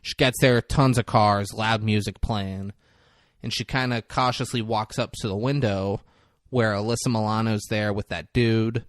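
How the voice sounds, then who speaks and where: A man's voice: lowish voice, fairly even intonation, dry recording, studio quality. Chatty man recapping a movie. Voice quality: laughs often, acts out lines in quick voices. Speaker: podcast co-host recapping a movie. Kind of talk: casual chat.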